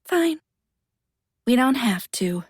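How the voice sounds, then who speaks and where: A woman's voice: a little high, big pitch swings, takes it slowly, darkish tone, husky, no room sound, studio quality, pitched above the performer's own voice, heavily acted. Willow, a coy cruel teen girl, read by a woman. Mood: coy taunting.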